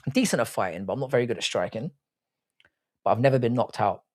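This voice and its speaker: A man's voice: medium pitch, fast talker. A young man hosting a casual live stream, teasing his chat and swearing freely. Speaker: livestream host reading chat.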